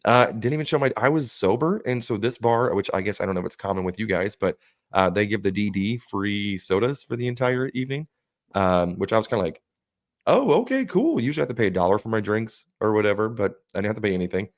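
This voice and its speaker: A man with a somewhat low voice tells a long, meandering story in casual podcast chat. He swears freely and jumps into animated quotes of other people. The sound is close and dry. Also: fast, dry recording. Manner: rambling, profane, animated quoting of others. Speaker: podcast co-host.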